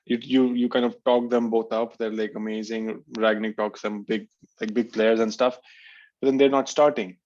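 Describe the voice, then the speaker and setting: A man's voice: lowish voice, level tone, normal speed, a little mellow. A man musing about football as a podcast guest, thinking aloud and repeating words as he goes. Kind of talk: casual football chat. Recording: dull lo-fi sound.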